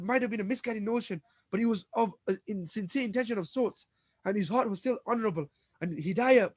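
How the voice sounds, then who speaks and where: A man's voice: high voice, no echo. A man giving a religious storytelling lecture, retelling events dramatically and acting out the dialogue, with frequent restarts. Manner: frequent restarts and repeated words. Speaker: Islamic lecturer.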